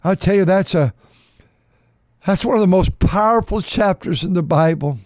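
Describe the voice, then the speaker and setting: A man preaching a sermon, reading scripture aloud and repeating phrases for emphasis, swinging from loud outbursts to hushed tones. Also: high voice, moderate pace, no echo, clean studio sound. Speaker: pastor.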